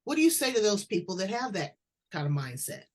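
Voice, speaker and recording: A woman's voice: medium pitch, fairly quick. A woman hosting an interview, chatty and blunt, telling stories as she asks questions. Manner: blunt, chatty, animated storytelling. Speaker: talk show host. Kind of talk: interview, casual chat.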